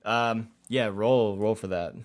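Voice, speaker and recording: A man narrating as game master of a tabletop role-playing game, pausing often with fillers. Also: fairly low pitch, fairly even intonation. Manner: hesitant, lots of fillers.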